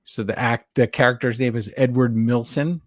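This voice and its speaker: A podcast co-host rambles casually and at length about a horror movie, recapping scenes animatedly and repeatedly correcting himself mid-sentence. He has a mid-range voice and a moderate pace, captured in studio quality with no room sound.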